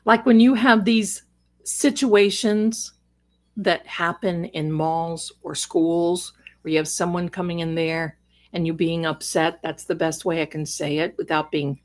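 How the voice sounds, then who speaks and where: A woman talks slowly and loosely into a desk microphone, hosting a livestream from home. She rambles between thoughts and calls her viewers darling and sister, with a cat settled on her lap. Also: lowish voice, steady tone, darkish tone. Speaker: livestream host and psychic reader. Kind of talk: casual livestream chat.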